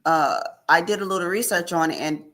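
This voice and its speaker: A woman guest in an interview, telling an emotional personal testimony with animated storytelling and acted-out dialogue. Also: lowish voice, brisk. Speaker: podcast guest.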